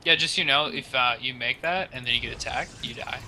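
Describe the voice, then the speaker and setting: A young man co-casting a video game match, easygoing and quick to laugh along with his partner. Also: mid-range voice, bright, forceful tone, slight background noise. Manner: laughing, agreeable banter. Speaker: game co-commentator. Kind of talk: casual esports commentary.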